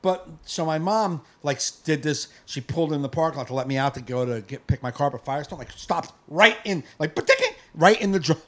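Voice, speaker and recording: A man co-hosting a live podcast, ranting in casual chat, profane and fired up, with bursts of yelling. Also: fairly high pitch, expressive, a little fast, hardly any pauses. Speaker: podcast co-host.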